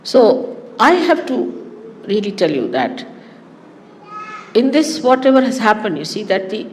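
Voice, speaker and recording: A woman's voice: medium pitch, a little slow, slight background noise. Teasing woman lecturing in a reverberant hall. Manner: animated and teasing, laughs often. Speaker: spiritual teacher. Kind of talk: spiritual talk to followers.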